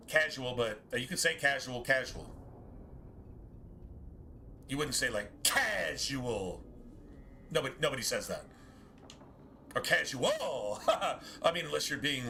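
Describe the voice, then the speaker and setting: A game streamer, a man with a bright, forceful voice, rambles through a casual chat with his viewers. He muses aloud, corrects himself often and drops the odd swear word, with a faint hiss of noise behind him. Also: medium pitch.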